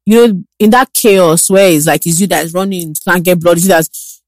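A woman's voice: lowish voice, a little fast, no echo. A woman, asking thoughtful, somewhat hesitant questions in a casual chat. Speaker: podcast co-host.

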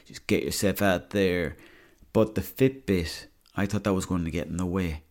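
His voice sits low and his tone stays steady at a normal speed. He's a young Irish man hosting a podcast, spinning rambling, sweary comic stories.

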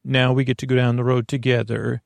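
A man's voice: mid-range voice, flat delivery, brisk, creaky, no room sound. A middle-aged man hosting a podcast, talking in a meandering, digressive way with many restarts and asides. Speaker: podcast host. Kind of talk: rambling, meandering podcast monologue.

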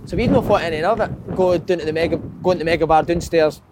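A Scottish man hosting a football podcast, telling stories in a lively, swearing, laddish way. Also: a little high, fast talker, noisy background. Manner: lively storyteller, swears freely. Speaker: podcast host. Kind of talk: casual football chat.

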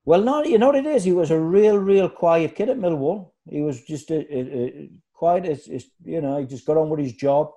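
A man's voice: on the high side, normal speed, few pauses. A man telling football stories in casual chat, acting out other people's voices. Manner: animated anecdotes, acts out shouting voices. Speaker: former footballer guest.

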